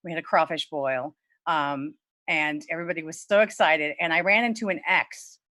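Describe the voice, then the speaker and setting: A middle-aged woman from Louisiana tells a wild true story to a virtual story slam audience, frank and unfiltered with plenty of swearing. Her tone is bright and forceful, and when she quotes herself her voice shoots way up. The sound is dry and close, as from a home video call. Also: normal speed, dry recording. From Lafayette, Louisiana. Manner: animated, candid, swears freely, voice leaps high when quoting herself.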